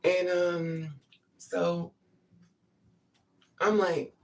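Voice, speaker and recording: A woman's voice: lowish voice, level tone, very slow, a little mellow, recorded from a distance. An older woman hosting a casual livestream, talking frankly, laughing often and greeting viewers by name. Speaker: livestream host.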